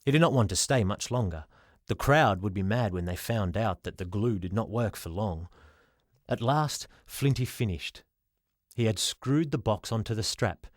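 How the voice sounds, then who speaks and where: A man reading a children's storybook aloud as the narrator, in an expressive way. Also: fairly low pitch, moderate pace, no room sound, clean studio sound. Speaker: audiobook reader.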